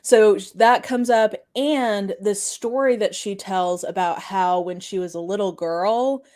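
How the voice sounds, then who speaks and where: A woman's voice: medium pitch, darkish tone. Chatty woman podcast host recounting drama. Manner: quick, chatty, full of "like" fillers. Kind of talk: casual storytelling chat.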